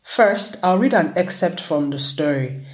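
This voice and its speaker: The host of a book review show, talking through a novel and reading a passage from it in a measured, clear way. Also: mid-range voice, lively intonation. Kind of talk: book review with read excerpt.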